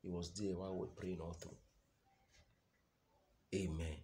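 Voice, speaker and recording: A man with a Nigerian accent preaching a sermon, loud and emphatic, often asking the congregation call-and-response questions. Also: sits low, level tone, normal speed, a little hiss or hum.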